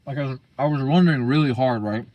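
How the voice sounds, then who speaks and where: A man's voice: mid-range voice, fast, a little mellow, no echo. A young man talking casually as a vlogger, rambling and profane, full of slang. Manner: slangy, profane, rambling, keeps saying bro.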